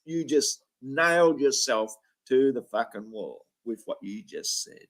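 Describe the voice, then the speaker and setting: A man's voice: medium pitch, expressive, a little slow. A man hosting a reaction commentary, ranting angrily with lots of swearing and mocking. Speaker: commentary video host.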